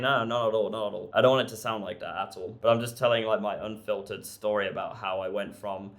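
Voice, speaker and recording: A man's voice: fairly low pitch, fairly even intonation, brisk, fairly bright tone. Frank, sweary young man. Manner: frank and sweary, laughs often, restarts a lot. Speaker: self-improvement vlogger. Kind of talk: candid casual storytelling.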